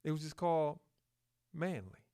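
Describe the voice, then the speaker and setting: A man hosting a solo podcast, talking slowly with fillers and self-corrections, and pushing up on key words for emphasis. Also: fairly high pitch, expressive, dark tone. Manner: slow, halting delivery with fillers and self-corrections. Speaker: podcast host.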